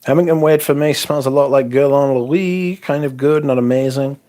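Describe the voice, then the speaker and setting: A man's voice: mid-range voice, steady tone, moderate pace, mellow. Rambling man on a livestream. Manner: rambling, swears casually, reads chat aloud. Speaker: livestream host. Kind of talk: casual livestream chat reading comments.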